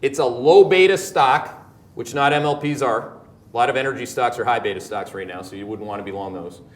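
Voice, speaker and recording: A man with a Canadian accent hosting a market commentary show, talking in an animated, emphatic, joking way that circles back on itself. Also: mid-range voice, a little fast. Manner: animated, emphatic, jokey, repeats words. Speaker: host. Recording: echoey room.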